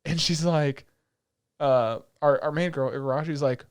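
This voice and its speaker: Young male podcast host, loose and animated, cusses freely while recapping a show. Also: on the high side, smooth. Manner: animated, swears freely, quick asides. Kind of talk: casual anime review chat.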